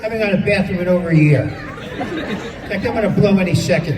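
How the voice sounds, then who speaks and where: High-voiced man doing stand-up in a hall. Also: lively intonation, background noise. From New York. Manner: exasperated, acts out people in quick bits. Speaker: stand-up comedian. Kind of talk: stand-up comedy set. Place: stage in a large hall with a live audience. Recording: distant, echoey hall with crowd laughter.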